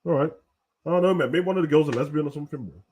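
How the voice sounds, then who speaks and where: A young man hosting a casual, animated wrestling rant full of slang, at times breaking into shouts. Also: fairly high pitch, racing. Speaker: host. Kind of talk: casual ranting commentary.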